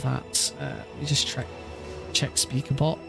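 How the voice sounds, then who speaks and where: A man's voice: mid-range voice, flat delivery, unhurried, vocal fry, over music. A man streaming a speedrun, talking casually and rambling, often restarting his sentences as he fixes his setup. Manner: rambling, self-correcting, chatty. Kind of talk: casual live-stream chat.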